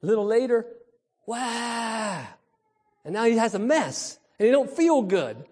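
A man's voice: very high voice, very animated, a little fast, mellow. A male pastor preaching a Sunday sermon to the children, emphatic and storytelling, calling out to the congregation. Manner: storytelling, imitates baby cries.

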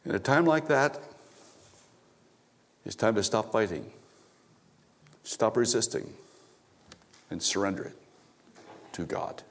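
Male pastor preaching a story-driven sermon in church, halting restarts, emphatic repetition. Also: fairly low pitch, expressive, gravelly. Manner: storytelling, repeats phrases for emphasis, frequent restarts.

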